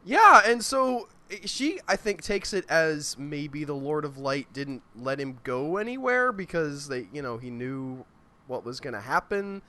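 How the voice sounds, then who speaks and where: A man's voice: a little high, very animated, unhurried, bright, forceful tone. A man hosting a podcast, chatting casually about a TV episode and going off on tangents. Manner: rambling, goes off on tangents. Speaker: podcast host. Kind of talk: casual TV recap chat.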